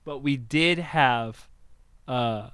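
A young man in casual chat about video games, ranting profanely with loud outbursts. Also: mid-range voice, extremely slow, smooth, no room sound.

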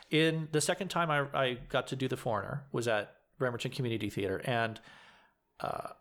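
A man's voice: medium pitch, a bit bright. A man, a community theater actor giving advice in a casual interview, earnest and explanatory with frequent restarts.

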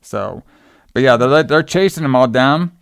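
A man's voice: medium pitch, expressive, measured pace, creaky, dry recording, studio quality. A man casually recapping a movie plot as a podcast co-host, rambling and leaning heavily on filler words.

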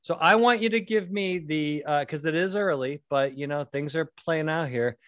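A man's voice: on the high side, normal speed, fairly bright tone, no room sound, clean studio sound. A middle-aged man hosting a podcast, chatting casually and telling rambling, self-deprecating stories with jokes. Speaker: podcast host. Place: home podcast studio.

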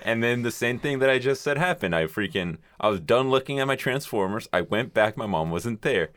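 A man's voice: medium pitch, animated, fairly quick, fairly bright tone, dry recording, clean studio sound. A young man telling stories in a casual chat, swearing freely and laughing as he goes.

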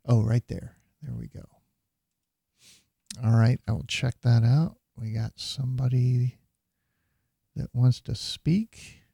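A male host on a live stream with a gravelly, dark voice, recorded close and dry. He talks in a loose, offhand way, swearing freely and laughing now and then. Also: mid-range voice, fairly even intonation, takes it slowly, pauses often, no echo. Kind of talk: casual live-stream chat.

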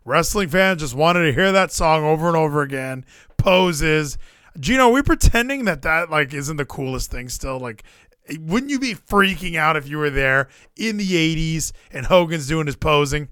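Excitable thirties male podcast co-host, bright forward voice, dry close mic, wrestling chat. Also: on the high side, moderate pace, clear, resonant tone, dry recording. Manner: excitable, acts out commentators and wrestlers.

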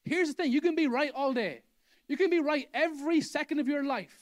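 A man with a notably high voice delivers a sermon as a pastor. He preaches with emphasis, circling back to the same phrases again and again to drive his point home. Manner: emphatic, repeats key phrases for effect. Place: church hall.

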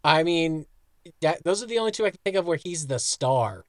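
A man with a fairly high voice, holding forth on a podcast with blunt opinions and plenty of swearing. His voice is dry and close to the mic. He laughs easily at his co-host. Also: animated, brisk, no room sound. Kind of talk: casual chat.

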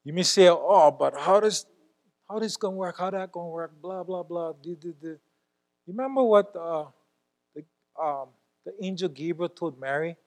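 A man preaching a sermon as a church elder, talking emphatically and swinging between loud exclamations and quiet asides. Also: high-pitched, moderate pace.

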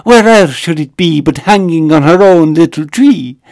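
A man voicing a stern, grave old island lord in a slow, loud, drawn-out quote. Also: on the high side, lively intonation, creaky, no echo, clean studio sound.

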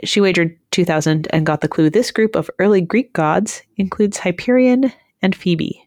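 A woman's voice: fairly low pitch, normal speed, darkish tone, no room sound, studio quality. A woman co-hosting a podcast, recapping a quiz show in chatty conversation full of fillers and restarts. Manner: chatty, with frequent fillers and self-corrections. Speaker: podcast co-host.

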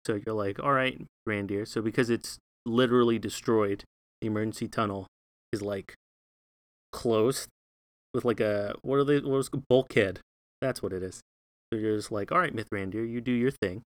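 A man's voice: lowish voice, moderate pace, dry recording. A man narrating as game master, talking loosely with many fillers and asides.

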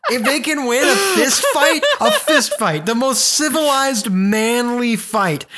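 A man's voice: extremely high pitch, big pitch swings, a little slow, heavy background noise. A man co-hosting a podcast in casual chat, joking and laughing often and swearing freely. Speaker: podcast co-host.

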